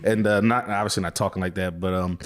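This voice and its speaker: A man's voice: low-pitched, fairly even intonation, quick pace. A man on a podcast telling a childhood story in a rambling, casual way. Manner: rambling, filler-heavy telling.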